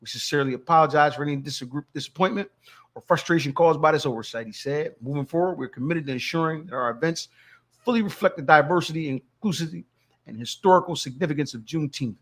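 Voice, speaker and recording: A man co-hosting a podcast, reading a news article aloud in a plain, even way. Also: on the high side, fast talker. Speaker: podcast co-host.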